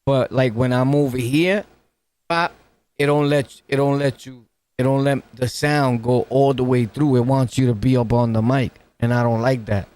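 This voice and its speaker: Close to his microphone, a New York reaction streamer riffs on clips in loose, slang-heavy commentary, breaking into laughing asides. He speaks at a normal speed in a mid-range voice with fairly even intonation and a darkish tone.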